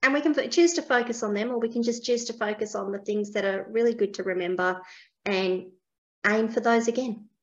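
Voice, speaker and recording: A woman with an Australian accent co-hosting a podcast, chatting casually, speaking quickly and laughing a lot. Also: on the high side, lo-fi sound. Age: older. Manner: fast-talking, laughs a lot. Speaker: podcast co-host. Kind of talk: casual chat.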